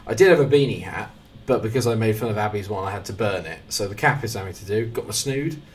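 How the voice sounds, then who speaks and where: Low-voiced southern English gaming host. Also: male voice, fast talker, a little hiss or hum. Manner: jokey, chatty, excitable at goals. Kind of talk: casual gameplay commentary. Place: home flat.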